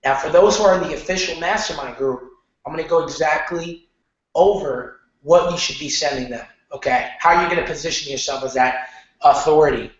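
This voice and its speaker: Animated marketing coach in echoey room. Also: male voice, a little high, brisk, highs cut off. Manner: animated, repeats "okay?", loose slangy talk. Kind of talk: casual training lecture.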